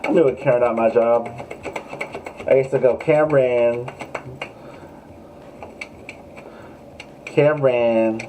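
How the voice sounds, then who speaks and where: Man, casual tarot reader, joking and cussing, mellow voice, faint kitchen clatter behind. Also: mid-range voice, steady tone, a little fast, a little hiss or hum, poor audio. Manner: chatty, joking, swearing, addresses viewers. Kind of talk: casual live tarot reading.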